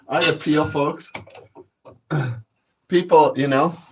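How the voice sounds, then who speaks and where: A man's voice: fairly high pitch, steady tone, takes it slowly, slight background noise. A man, telling boastful, profane stories to his viewers in a casual rant. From Canada. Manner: profane, boastful storytelling, laughs a lot. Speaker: channel host.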